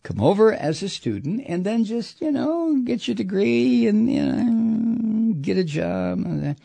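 A man delivering an animated, profane political rant, rambling with sudden whoops. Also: sits high, measured pace, gravelly, dry recording. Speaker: political commentator.

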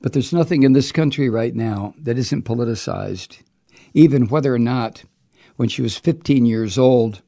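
A man's voice: medium pitch, darkish tone. A man delivering an angry, profane and sarcastic political monologue. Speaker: political commentator.

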